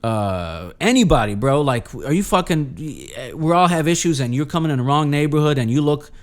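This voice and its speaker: A man's voice: a little high, animated, normal speed. A man guesting on a podcast, telling a personal story in a rambling, profane way with many restarts. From Los Angeles. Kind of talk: casual storytelling.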